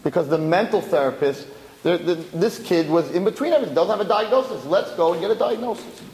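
A man speaking as a rabbi, telling a story in a lively way and acting out the people in it. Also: high-pitched, fast, a little hiss or hum. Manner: animated, acts out the dialogue of the story. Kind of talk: storytelling talk. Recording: echoey hall.

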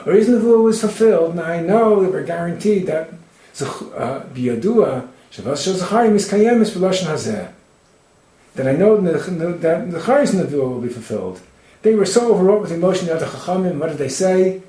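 A man's voice: sits high, expressive, fairly quick, dark tone, roomy sound, rough recording. A man giving a Torah lecture, quoting Hebrew texts and translating them as he explains. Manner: expounds texts, quotes Hebrew then translates. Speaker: Torah teacher.

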